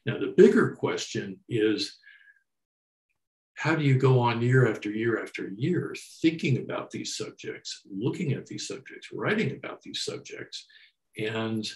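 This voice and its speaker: An older man, a photographer, speaking candidly and earnestly on a video call, pausing and repeating words as he thinks. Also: medium pitch, reverberant, poor audio. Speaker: photographer guest. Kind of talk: candid reflective conversation.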